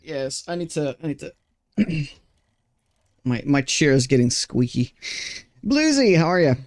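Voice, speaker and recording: A man's voice: on the high side, very animated, unhurried. A Swedish-born man, a native Swedish speaker, streaming a game. He talks in casual, frank English with an American-sounding accent and often stammers and restarts his sentences. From Sweden. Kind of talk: casual live-stream chat while gaming.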